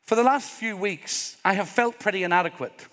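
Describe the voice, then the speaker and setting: A man's voice: sits high, normal speed, a bit bright. A middle-aged man preaching a sermon as pastor, earnest and openly vulnerable, rising to emphatic peaks. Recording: long hall reverb.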